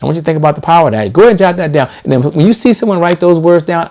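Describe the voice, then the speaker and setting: Gravelly man preaching to viewers. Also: a little high, very animated, fast talker, a little mellow. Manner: preachy, repeats lines for emphasis. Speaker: host. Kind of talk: live-stream motivational talk.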